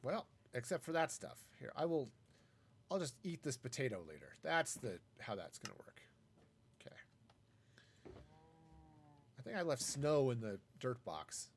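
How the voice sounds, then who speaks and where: A man's voice: mid-range voice, very animated, a little slow, pauses often, a little hiss or hum. A man casually talking through a live game stream, wry and self-mocking as he rambles. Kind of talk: casual gameplay commentary.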